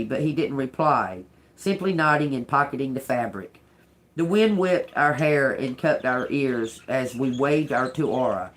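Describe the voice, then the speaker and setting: A woman tarot reader reading a book aloud to viewers and chatting loosely, laughing often and talking to her pet bird. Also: extremely low pitch. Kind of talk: casual reading and chat to viewers.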